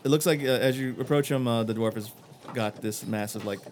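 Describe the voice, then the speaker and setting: A man's voice: medium pitch, brisk, darkish tone, slight background noise. A man narrating a tabletop game as game master, loose and rambling with many fillers.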